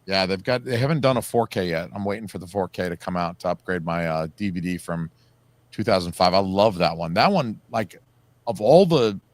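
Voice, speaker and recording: A man co-hosts a casual livestream, joking and gushing about films he loves. His voice sits low and sounds dry and close. He leans on "like" as he talks. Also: no echo. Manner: joking, enthusiastic, says "like" often.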